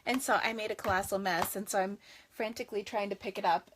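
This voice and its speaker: A woman's voice: medium pitch, fairly quick, bright, forceful tone, slight background noise. A woman hosting a casual craft livestream from her home craft room, chatting with sing-song greetings and lots of fillers.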